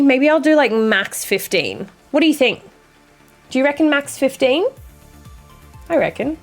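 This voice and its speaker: A young woman streamer with a fairly high voice chats from her home setup over a desk mic, faint music playing behind her. Her humor is bone-dry and sarcastic, and she trades sassy banter with her chat. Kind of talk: casual chat with viewers, reading chat aloud.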